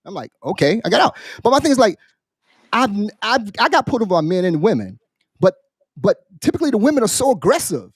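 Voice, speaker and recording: A man, a military veteran, on a podcast, casually telling a story in an animated, profane way and acting out the people in it. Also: sits high, quick pace, slightly rough, no echo, studio quality. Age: adult, military veteran. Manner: animated, profane, acts out quoted voices. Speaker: podcast co-host.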